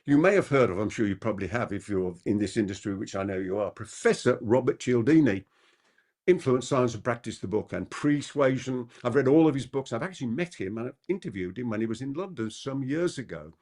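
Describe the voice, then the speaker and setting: A man giving a live masterclass on persuasion as a trainer. He talks quickly and keeps asking the audience rhetorical questions. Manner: animated, with big pitch swings.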